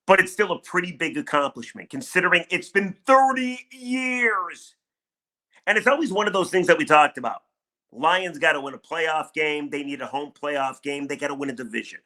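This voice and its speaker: A middle-aged sports radio host with a bright, forceful voice that sits a little high for a man. He talks in a loose, emphatic way and keeps turning to his listeners with questions. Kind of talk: sports talk commentary.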